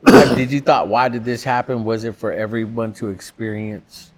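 A man's voice: mid-range voice, fairly even intonation, moderate pace. A man hosting a podcast, nodding along with short replies and asking reflective questions. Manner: brief affirmations, reflective questions. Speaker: podcast host. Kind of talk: interview.

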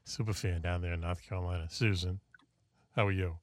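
A man's voice: low voice, steady tone, no room sound. A man hosting a casual radio talk show with a Boston accent, rambling and joking between topics. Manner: jokey, rambling, quick asides.

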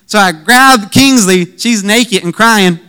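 Young male pastor, high clear voice, bright and animated storytelling sermon. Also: slow pace. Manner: animated, humorous, acts out own quoted lines.

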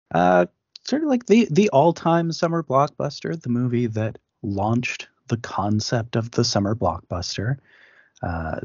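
A man's voice: mid-range voice, husky, no echo, muffled recording. A man co-hosting a podcast, chatting casually about films, with many fillers and restarts. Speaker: podcast co-host. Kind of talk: casual film discussion.

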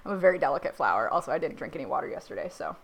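A woman's voice: low voice, animated, racing, creaky, crowd noise, rough recording. A hungover woman co-hosting a podcast, teasing and sarcastic in her banter. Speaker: podcast co-host. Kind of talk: casual chat.

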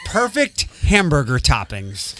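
A man hosting a radio show, brisk and quick to laugh as he runs a quick-fire game. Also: mid-range voice, huge pitch swings, heavy background noise. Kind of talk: casual studio banter.

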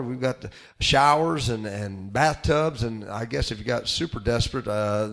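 A man's voice: medium pitch, gravelly. A middle-aged man preaching a sermon in a folksy, conversational way, with many fillers and restarts. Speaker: pastor.

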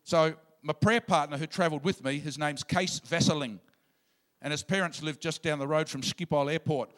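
Bright, high-voiced man preaching. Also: normal speed. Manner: animated preaching, with loud acted-out shouts. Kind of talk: sermon.

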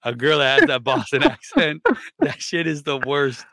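A man's voice: mid-range voice, very animated, moderate pace, creaky, sharp tone, dry recording, clean studio sound. A man co-hosting a podcast in casual chat, blunt and opinionated, swearing freely. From Florida. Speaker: podcast co-host.

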